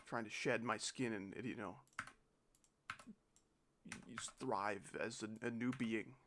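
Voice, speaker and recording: A man's voice: lowish voice, fairly even intonation, slow pace, a bit bright, a little hiss or hum. A young man hosting a live stream, chatting casually and joking with chat and a friend while playing. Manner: joking, giggly, reads out chat.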